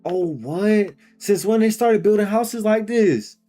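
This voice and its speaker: A man live-streaming a game, reacting out loud in casual, slangy commentary and talking to himself and his viewers. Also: sits high, slow, faint music behind. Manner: excitable, slangy, talks to himself and chat.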